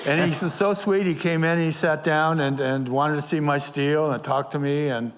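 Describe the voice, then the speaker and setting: Brief: older male musician guest, slightly higher voice, meandering storyteller full of "uh"s. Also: fairly even intonation, moderate pace, a faint crowd. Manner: rambling, many fillers and restarts. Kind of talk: anecdotal interview storytelling.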